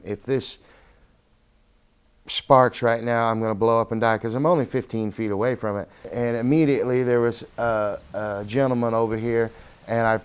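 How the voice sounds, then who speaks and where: A man with a smooth, resonant voice at a middle pitch gives documentary testimony as a freelance journalist. He tells his story vividly, his voice turning urgent when he recalls shouting warnings.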